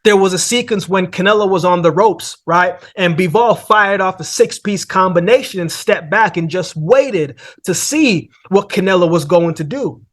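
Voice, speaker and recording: A boxing analyst hosts a laid-back fight breakdown, speaking conversationally and frequently throwing in "man" and "right?" His voice is high-pitched, at a normal pace, with hardly any pauses.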